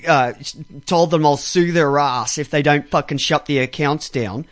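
High-voiced man ranting, dry sound. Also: normal speed, no room sound. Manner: heavily profane, exasperated; restarts and stumbles when worked up. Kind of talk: angry ranting monologue.

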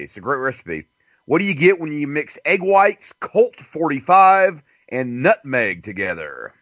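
Brief: lively, animated male radio host, crude and joking, muffled dry lo-fi audio. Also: mid-range voice, dry recording. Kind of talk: casual talk radio monologue. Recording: dull dry lo-fi sound.

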